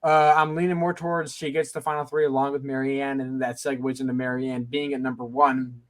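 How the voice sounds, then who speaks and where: A man's voice: mid-range voice, level tone, fairly quick. A young man co-hosting a casual podcast, hesitant and full of fillers, trailing off at the ends of phrases. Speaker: podcast co-host.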